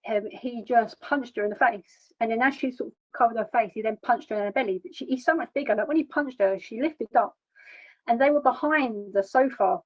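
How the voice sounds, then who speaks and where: A woman telling her own hard story in plain, halting words, often repeating herself. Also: on the high side. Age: adult. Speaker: charity founder sharing her story. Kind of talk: personal testimony. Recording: dull lo-fi recording.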